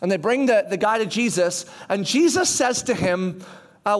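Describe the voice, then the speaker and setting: Young guy preacher, really high voice, animated, acts out the whole story. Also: moderate pace. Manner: animated storytelling, acting out characters. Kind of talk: sermon.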